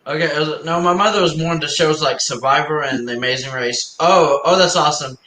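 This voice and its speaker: A man's voice: on the high side, a little fast, sharp tone. A man hosting a live stream, chatting casually and rambling with lots of fillers and easy laughs. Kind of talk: casual chat. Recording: roomy echo.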